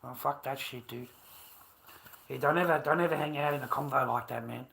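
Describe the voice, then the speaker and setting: A man's voice: medium pitch, brisk, gravelly, fairly bright tone. A middle-aged man livestreaming, rambling in casual chat with heavy swearing and an agitated, repetitive way of talking.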